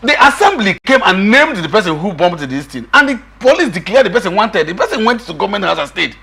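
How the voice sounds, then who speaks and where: Middle-aged male guest, husky, high and animated, emphatic and insistent. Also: quick pace. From Nigeria. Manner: emphatic, repeats himself, quotes others in raised voice. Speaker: political guest. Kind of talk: animated political discussion.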